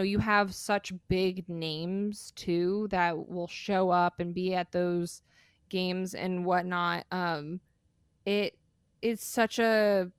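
A woman's voice: lowish voice, smooth, dry recording, studio quality. A young adult woman co-hosting a casual podcast, talking in an enthusiastic, rambling way and laughing as she goes. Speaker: podcast co-host. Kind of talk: casual chat.

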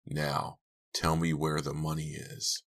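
A man's voice: rumbling low, monotone, takes it slowly, a bit bright, heavily acted. A man voicing a growling, menacing villain. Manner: growling, sarcastic and threatening. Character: menacing adult male villain with a chainsaw.

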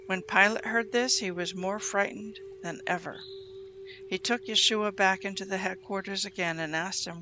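A host reading scripture aloud in a steady, measured way, giving the quoted lines plainly. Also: medium pitch. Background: music bed under the reading.

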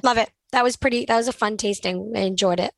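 A woman's voice: mid-range voice, fast, gravelly, no echo, low-quality recording. A young woman co-hosting a podcast, upbeat and conversational as she leads into segments. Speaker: podcast co-host. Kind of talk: casual podcast chat.

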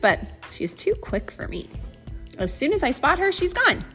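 A woman reading a children's picture book aloud in an animated, sing-song storytelling manner. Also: fairly high pitch, normal speed, big-room sound, soft background music. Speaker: storybook reader. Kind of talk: expressive read-aloud narration.

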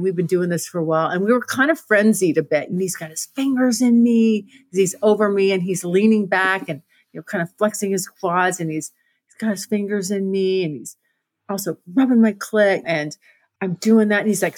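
A woman's voice: mid-range voice, a little fast, no room sound. A woman hosting a podcast, telling a candid personal story in a frank, breathless way with many restarts. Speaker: podcast host.

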